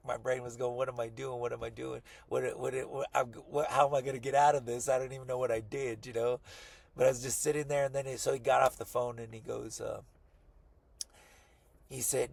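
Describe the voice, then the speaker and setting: Gravelly profane man telling a story. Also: medium pitch, flat delivery, a little fast, a little mellow, no room sound. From Colorado, US. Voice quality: gravelly, husky. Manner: rambling, profane, quotes people in his story. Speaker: podcast co-host. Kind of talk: casual storytelling among friends.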